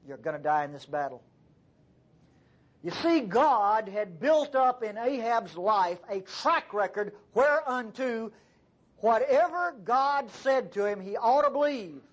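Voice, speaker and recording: Animated, husky-voiced male preacher. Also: high voice, measured pace. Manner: animated storytelling, conversational. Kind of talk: sermon.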